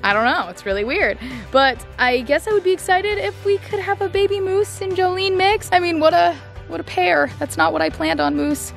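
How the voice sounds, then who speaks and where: A young woman vlogging on her farm, chatting excitedly to the camera and her animals with lots of "like" and "I don't know". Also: very high-pitched, moderate pace, gravelly, soft background music. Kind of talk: casual vlog chat to camera. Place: outdoors on a farm pasture.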